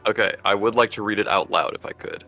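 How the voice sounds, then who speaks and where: A man playing in a tabletop game, joking, swearing and excitable. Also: fairly low pitch, fast, faint music behind. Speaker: player. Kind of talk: casual tabletop play.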